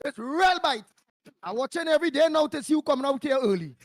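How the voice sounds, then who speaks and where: A man's voice: very high-pitched, expressive, quick pace, gravelly, dry recording, studio quality. A Trinidadian man hosting a live morning show, chatty and playful, greeting viewers by name and laughing often.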